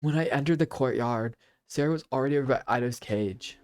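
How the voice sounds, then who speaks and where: An actor voicing a quick-talking game hero narrating. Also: male voice, medium pitch, darkish tone, natural voice. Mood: thoughtful.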